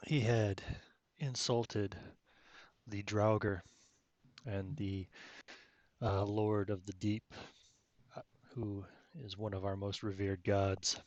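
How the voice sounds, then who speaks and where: A man voicing a calm, formal underground-dwelling envoy in a tabletop role-play game. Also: fairly low pitch, no echo. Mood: explanatory. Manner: measured, formal, explanatory.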